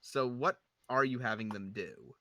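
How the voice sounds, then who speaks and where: A man's voice: mid-range voice, expressive, measured pace, pushed and bright. A man playing an online tabletop game, thinking aloud in a casual, musing way. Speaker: player.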